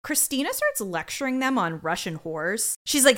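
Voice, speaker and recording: Expressive woman podcast co-host. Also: a little high, moderate pace. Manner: incredulous, exclamatory, laughs often. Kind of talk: casual rewatch podcast recap.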